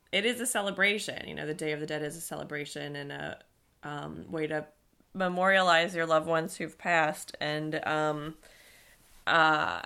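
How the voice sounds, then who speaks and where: A woman's voice: low voice, creaky, sharp tone, clear, resonant tone. A woman co-hosting a casual podcast, telling her stories chattily and fluently. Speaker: podcast co-host.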